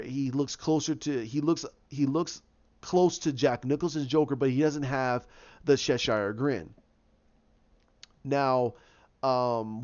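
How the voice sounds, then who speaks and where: A man's voice: mid-range voice, darkish tone. Rambling man on a dull lo-fi recording. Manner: rambling, with frequent restarts and acted quotes. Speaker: video host giving opinions. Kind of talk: casual opinion commentary.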